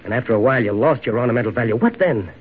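An actor voicing an earnest young man courting a married woman, in a 1940s radio play. He pleads with an animated, rising and falling pitch. The sound is dull and muffled, with a faint hiss underneath. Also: rapid-fire, lightly acted. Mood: pleading. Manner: earnest, persuasive, lively delivery. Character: young man, ardent and insistent lover.

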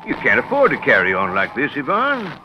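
Old lighthouse keeper, gruff, fatherly, old radio drama, lively pitch, dull sound. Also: a little fast, noisy background. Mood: soothing. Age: older. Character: aging male lighthouse keeper, fatherly and stern.

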